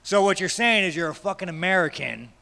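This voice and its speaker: A man's voice: high voice, expressive, brisk, creaky, pushed and bright. A man, a fighter at a media day, giving blunt, profane, rambling answers to reporters. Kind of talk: press scrum answers. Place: large media day room. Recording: echoey hall.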